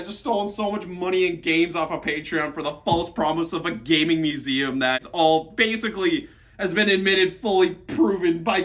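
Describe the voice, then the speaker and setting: Sarcastic man with bright, high voice. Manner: mocking, exasperated, swears often; laughs while talking. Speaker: reaction video host. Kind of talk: sarcastic reaction commentary.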